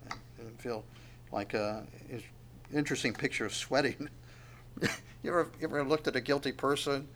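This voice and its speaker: A man's voice: medium pitch, moderate pace, a bit bright, slight background noise. A man preaching a sermon in a conversational way, asking questions of the congregation and at times dropping to a near whisper. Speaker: pastor.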